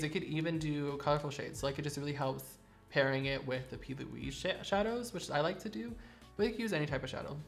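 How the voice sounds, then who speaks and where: A man who performs in drag, chatting sassily and playfully about favorite makeup products in a studio vlog. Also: a little high. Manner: sassy, chatty, playfully dramatic.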